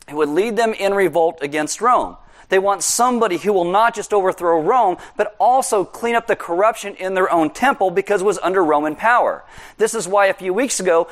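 Male pastor, sermon, high voice, conversational, animated, jokey.

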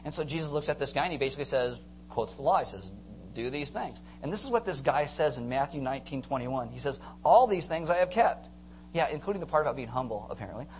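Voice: mid-range voice, rapid-fire, a little hiss or hum, low-quality recording. A pastor giving a casual, conversational sermon, retelling stories with humor and acting out voices. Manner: animated storytelling, acts out voices with humor.

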